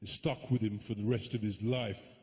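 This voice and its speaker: A stand-up comedian performs live at a large comedy venue, brash and swearing freely as he teases the crowd. His voice is on the low side, steady, at a moderate pace, and the echoey hall carries audience noise.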